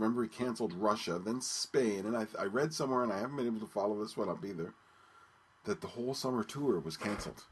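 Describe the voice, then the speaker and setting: A man hosting his own podcast, talking casually and haltingly with many ums and restarts. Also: on the low side, fairly bright tone, slightly rough. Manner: rambling, hesitant, many ums and repeated words. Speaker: podcast host. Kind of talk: casual solo radio-show talk.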